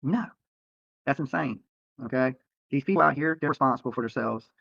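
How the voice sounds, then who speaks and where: A man's voice: medium pitch, a little fast, vocal fry, a bit bright, husky, no echo, dull audio. A man streaming live from a roadside near a protest, talking to viewers in a profane, rambling and defensive way, often tacking on "okay?". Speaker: livestreamer. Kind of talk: livestream rant to viewers.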